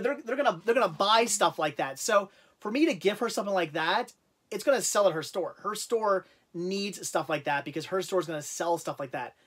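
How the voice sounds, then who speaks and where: A man's voice: sits high, animated, fairly quick, a bit bright, slightly rough. A man hosting a casual livestream, talking in a rambling way with lots of fillers and repeated words. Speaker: livestream host.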